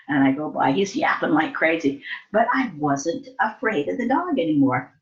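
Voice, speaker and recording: An older woman telling family stories in an interview, acting out her younger self with lively voices. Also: sits low, moderate pace. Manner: animated storytelling, acts out her younger self. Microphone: soft and distant at times. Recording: dull lo-fi sound.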